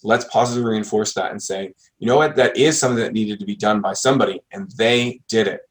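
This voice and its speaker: A man's voice: lowish voice, fast. A man hosting a podcast, talking earnestly through advice and often checking in with "right?". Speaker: podcast host. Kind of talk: casual podcast chat.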